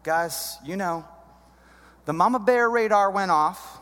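A man in his thirties telling a comic story, chummy and animated, talking to the guys. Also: high-pitched, takes it slowly. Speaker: comedic storyteller. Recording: echoey hall, long reverb.

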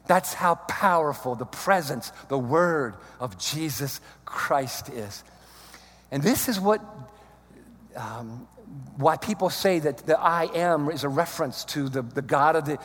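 A man preaching a sermon as pastor, moving from loud exhortation to a hushed prayer. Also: fairly high pitch, big-room sound.

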